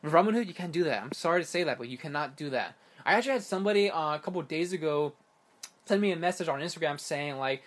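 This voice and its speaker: A young man vlogging casually about crypto, animated and exasperated, rambling with many restarts. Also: a little high, fast. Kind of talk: casual ranting monologue.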